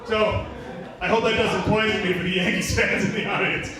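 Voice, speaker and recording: His voice sits high and his tone stays steady as he moves briskly through profane, meandering, self-deprecating comedy at a small bar, with a crowd audible behind him. The indoor room is echoey, captured from a distance amid audience noise.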